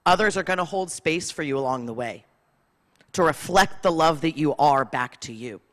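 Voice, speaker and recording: A woman rabbi delivers an impassioned sermon in a bright, forceful voice. She builds rhythmic lists and swells into emphatic peaks, and her words ring with the long reverb of a large hall. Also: low-pitched, animated, moderate pace. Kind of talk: sermon with personal storytelling. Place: large spiritual center hall.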